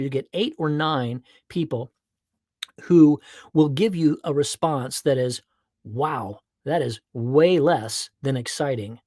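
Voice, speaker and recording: A man hosting his own podcast, chatting casually with viewers before he records, then talking in a playful, animated way. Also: fairly high pitch, dry recording, clean studio sound. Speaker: podcast host. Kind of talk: casual livestream chat and podcast monologue.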